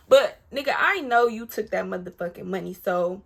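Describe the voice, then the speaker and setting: A woman's voice: fairly high pitch, a little fast, vocal fry, hardly any pauses. A woman telling a personal story to her viewers, blunt and profane, acting out what others said. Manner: animated, blunt and profane, addressing viewers directly; acts out other people's lines mid-story. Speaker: storytime vlogger. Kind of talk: casual storytelling to camera.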